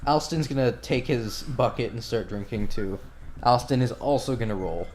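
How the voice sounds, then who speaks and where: A man's voice: mid-range voice, normal speed, a little mellow, a little hiss or hum. A man running a tabletop game as game master, narrating casually with many fillers and curses. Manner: casual, filler-heavy, profane.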